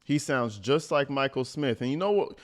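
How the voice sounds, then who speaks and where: A man's voice: medium pitch, expressive, moderate pace. Mocking, profane male streamer. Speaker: streamer reacting to a video. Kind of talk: casual live reaction commentary.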